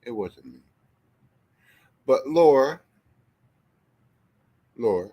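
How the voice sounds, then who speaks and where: A man rambles through a casual livestream chat, swearing freely and addressing his viewers directly. His pitch jumps around a lot, and he takes his time. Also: unhurried, pauses often. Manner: rambling, profane and animated, talking to chat.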